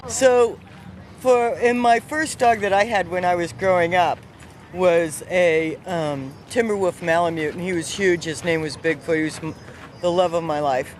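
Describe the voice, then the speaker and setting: A woman, not from the South, telling a personal story with lively, animated energy, outdoors on a city street. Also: lowish voice, moderate pace, a little hiss or hum. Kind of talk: casual spoken storytelling.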